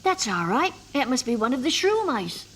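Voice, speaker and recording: A woman voicing a gentle, curious young male troll in a cartoon, speaking earnestly and softly. The voice is dubbed over a cartoon music score. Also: high-pitched, sing-song, moderate pace, background noise. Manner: earnest, soft-spoken, easily puzzled. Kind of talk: cartoon voice acting.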